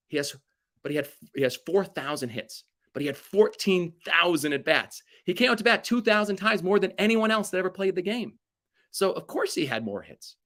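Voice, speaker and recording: A man giving a keynote talk, telling stories with energy and acting out what people said. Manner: energetic storyteller acting out quotes with big pitch jumps. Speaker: keynote speaker. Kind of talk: motivational storytelling keynote.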